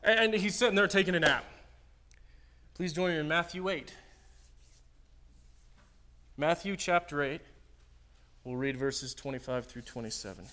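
A man preaching a sermon, swinging between loud dramatic readings and quiet joking asides to the congregation. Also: a little high, unhurried, pauses often.

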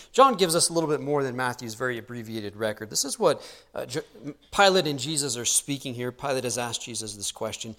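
A man giving an expository Bible teaching, measured and explanatory, letting his voice drop low and soft on asides. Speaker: preacher.

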